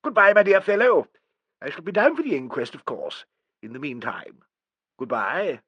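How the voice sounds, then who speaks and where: A man voicing a dry, fussy older English gentleman in an audiobook, speaking in a brisk, clipped, well-spoken manner. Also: a little high, very animated, husky, no room sound, lo-fi sound, pitched above the performer's own voice, heavily acted. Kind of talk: audiobook character reading.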